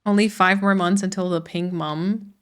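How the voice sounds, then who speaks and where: Her fairly low voice holds an even intonation at a moderate pace. She's livestreaming a farming game in a casual, chatty way, reading and answering her viewers' chat during play.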